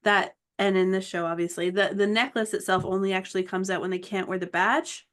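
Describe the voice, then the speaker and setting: A woman's voice: medium pitch, fairly even intonation, brisk, a bit bright. A woman co-hosting a casual fan podcast, laid-back and agreeable, often chiming in with short replies. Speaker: podcast co-host. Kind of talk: casual chat.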